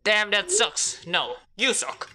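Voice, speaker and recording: A man's voice: sits high, sing-song, slow, sharp tone. A young man giving casual, joking gameplay commentary and reading text messages aloud. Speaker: gamer.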